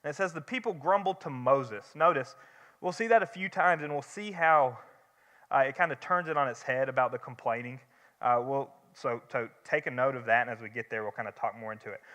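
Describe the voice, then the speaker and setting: A man's voice: medium pitch, fairly bright tone. A young man teaching a church Bible study in a conversational way, with rhetorical questions and restarts. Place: church hall. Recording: long hall reverb.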